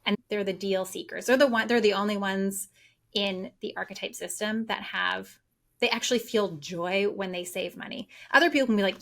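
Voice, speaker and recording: A woman business coach talking excitedly and at length in a casual podcast conversation. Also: medium pitch, normal speed, vocal fry.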